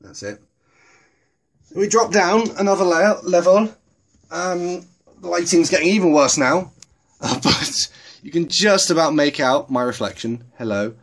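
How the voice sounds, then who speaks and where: A man's voice: fairly high pitch, measured pace, pauses often. Rambling man showing his toys. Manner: rambling, self-correcting, many ums. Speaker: toy collector vlogger. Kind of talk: casual show-and-tell narration.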